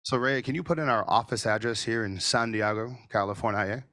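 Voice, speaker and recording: A man presenting a marketing masterclass over a video call, animated and sometimes nearly shouting for emphasis. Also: on the low side, brisk, no room sound, studio quality. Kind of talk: energetic webinar teaching. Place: office studio.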